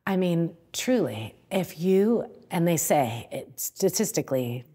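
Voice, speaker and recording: A woman coach, a guest on a podcast, telling animated stories and laughing often. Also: on the low side, a little slow, breathy edge. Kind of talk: casual interview chat.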